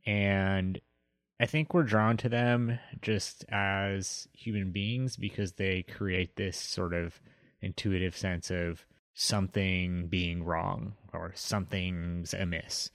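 A man hosting a philosophy podcast, explaining in a relaxed way with a lot of hesitant fillers. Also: sits low, takes it slowly, no echo, clean studio sound. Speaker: podcast host. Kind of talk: casual explanatory chat.

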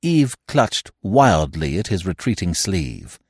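A man narrating a classic comic novel in an expressive, animated storytelling manner. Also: on the low side, normal speed, no room sound, studio quality. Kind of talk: audiobook narration.

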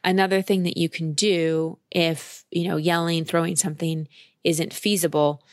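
Woman, coach, direct and emphatic, raspy fry in the voice, dry sound. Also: lowish voice, level tone, normal speed, no echo. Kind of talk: advice conversation.

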